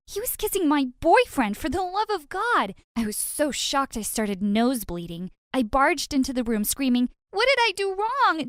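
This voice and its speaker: A woman narrating an animated drama in the first person, lively and exaggerated with comic outbursts. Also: a little high, no room sound, clean studio sound.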